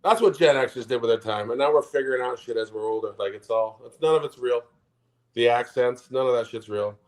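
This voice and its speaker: A man's voice: medium pitch, brisk, darkish tone. Gen X man co-hosting a podcast, loose rambling banter, heavy swearing. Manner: profane, rambling, laughs while talking. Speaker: podcast co-host. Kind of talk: casual chat.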